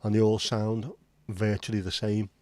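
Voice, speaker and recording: A man's voice: on the low side, little pitch movement, moderate pace, a little mellow, no room sound. A man hosting a casual livestream chat, rambling and reading out viewer comments. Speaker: livestream host.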